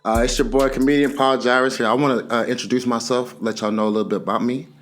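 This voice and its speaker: A man's voice: medium pitch, steady tone, fast, soft background music. A young man from Texas doing a stand-up comedy set, telling loose stories and laughing between lines. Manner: loose, laughing storytelling, slips into character voices.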